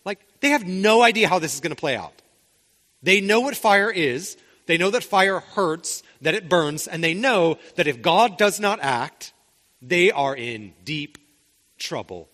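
A male pastor preaching in a conversational way, tossing out rhetorical questions and restarting his phrases. His voice sits somewhat high and swoops widely in pitch. A long reverb trails each phrase through the church. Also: expressive, measured pace, a bit bright. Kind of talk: sermon.

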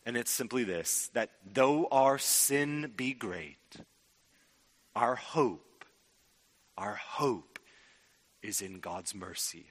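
A man preaching a sermon, swinging from loud emphasis to hushed, drawn-out words. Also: medium pitch, husky. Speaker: pastor. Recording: long hall reverb.

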